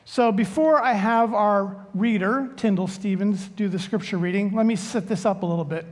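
A man preaching a sermon as pastor, telling a joke in a relaxed, unhurried way before the scripture reading. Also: high voice. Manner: unhurried, joking storyteller. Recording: long church reverb.

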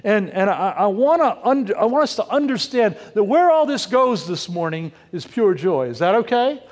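A man's voice: high-pitched, big pitch swings, moderate pace, big-room sound. An older man, a pastor, preaching a sermon in a conversational, punning way and asking the congregation questions.

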